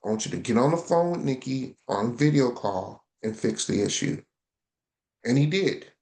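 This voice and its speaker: Man, podcast guest, casual chat, frank, animated storytelling, repeats himself. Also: medium pitch, moderate pace. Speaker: guest, consulting founder.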